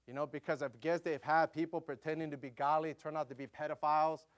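A middle-aged American man preaching a sermon as a missionary, telling stories in an animated way and calling out to his audience. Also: fairly high pitch. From United States. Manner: animated, quick storytelling with audience call-outs. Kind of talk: storytelling sermon.

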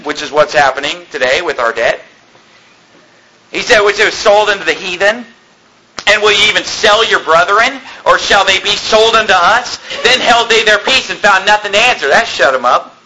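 A pastor preaching an emphatic sermon, reading scripture aloud and shouting rebukes. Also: male voice, sits high, poor audio. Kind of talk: fiery sermon.

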